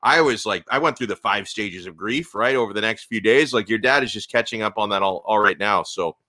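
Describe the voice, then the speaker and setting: Guy talking it out calmly, crisp bright voice, dry close sound. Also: fairly low pitch, dry recording. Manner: measured, reasoning things through. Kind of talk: casual chat.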